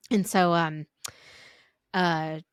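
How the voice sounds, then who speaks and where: Female podcast co-host, 30s, lowish voice, dry close mic, rambling casual storyteller. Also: vocal fry, clean tone, no echo. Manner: chatty, filler-heavy, animated when quoting.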